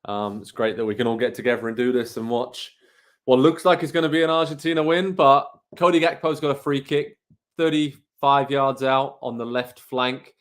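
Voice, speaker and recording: A man's voice: mid-range voice, steady tone, normal speed. A man from England co-hosting a live online match watchalong, chatting casually, calling the play and reading out viewer comments. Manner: chatty, reads out viewer comments, calls the action. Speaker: co-host of a live watchalong show.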